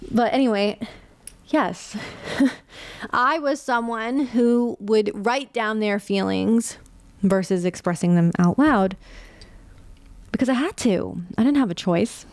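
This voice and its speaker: A woman's voice: a little high, takes it slowly, pauses often, a little mellow, no echo. A woman in her late twenties or thirties hosting a casual solo podcast, talking candidly and with feeling and swearing freely. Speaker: podcast host.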